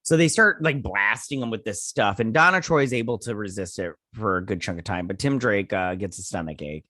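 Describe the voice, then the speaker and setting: This man in his thirties has a fairly low, lively voice with a brisk, sharp edge, recorded in a clean studio with no room sound. Sleepy and yawning, he rambles through a casual TV episode recap and review, paraphrasing scenes and filling gaps with fillers.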